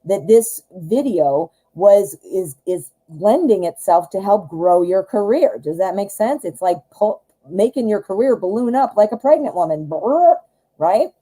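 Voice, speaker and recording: Female tarot reader on a live stream, mellow voice, enthusiastic and chatty. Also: mid-range voice, animated, measured pace, poor audio. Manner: chatty and enthusiastic, talks straight to the viewer.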